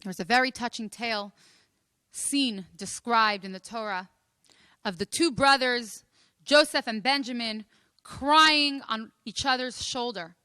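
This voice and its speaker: A woman coach giving a motivational lecture, telling stories and making points with animated emphasis. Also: fairly high pitch, measured pace, clear, resonant tone, no room sound, clean studio sound. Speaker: life coach and speaker.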